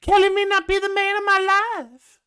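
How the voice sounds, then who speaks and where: A man putting on a high falsetto voice to mimic a dramatic, whiny woman with a Southern US accent. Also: monotone, moderate pace, bright, forceful tone.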